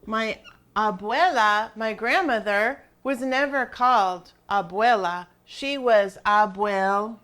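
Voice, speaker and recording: Slow, clear-voiced woman teaching grammar. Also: medium pitch, fairly bright tone. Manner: patient, checks in with "all right?" and "okay?". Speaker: Spanish teacher. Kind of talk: screen-share grammar lesson.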